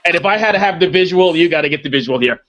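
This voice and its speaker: A man hosts a casual podcast, teasing and joking with his guest. His voice sits slightly high for a man. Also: lively intonation, rapid-fire, a bit bright. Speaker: podcast host.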